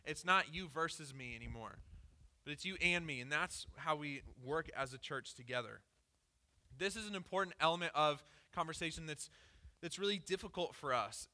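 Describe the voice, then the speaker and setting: A pastor giving a conversational sermon, candidly telling a personal story with lots of "like" fillers. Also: male voice, a little high, bright, forceful tone. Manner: casual and candid, peppered with "like".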